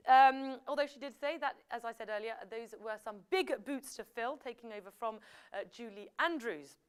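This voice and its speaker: A woman's voice: a little high, moderate pace, smooth. A British woman hosting a live quiz show, chatty and full of jokey asides between the questions. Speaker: quiz host.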